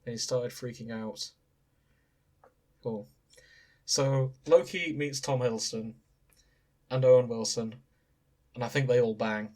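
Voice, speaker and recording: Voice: mid-range voice, steady tone, unhurried, pauses often, darkish tone. Giggly podcast co-host reading fanfic. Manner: enthusiastic, giggly banter. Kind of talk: casual chat.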